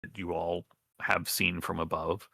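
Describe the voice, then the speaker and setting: A man's voice: sits low, little pitch movement, measured pace, creaky, bright, forceful tone, no room sound. A man narrating as game master of a tabletop role-playing game, casual and self-deprecating.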